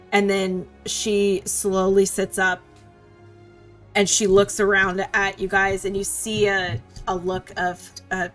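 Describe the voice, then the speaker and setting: A woman narrates her character's big moment in a tabletop game, letting the emotion build as she goes. Her pitch sits in the middle range, and faint music plays under her voice. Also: fairly bright tone. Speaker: player.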